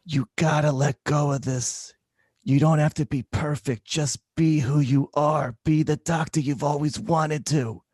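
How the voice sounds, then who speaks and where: A woman's voice: deep voice, steady tone, measured pace, a little mellow, no echo, studio quality, pitched above the performer's own voice. A man voicing a feisty woman in her eighties, a blunt former dancer and cancer patient. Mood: encouraging. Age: 80s. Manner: blunt, brassy, teasing.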